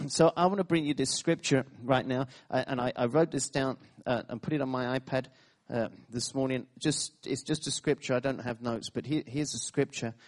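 This sermon comes from a man with a mid-range voice speaking at normal speed. He tells animated stories, repeating phrases, laughing in asides and suddenly bursting into emphasis.

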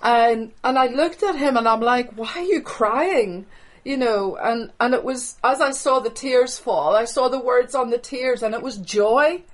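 A woman delivering charismatic prophetic prayer over a video call, fervent, with breathy exclamations. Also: on the high side, measured pace, rough recording.

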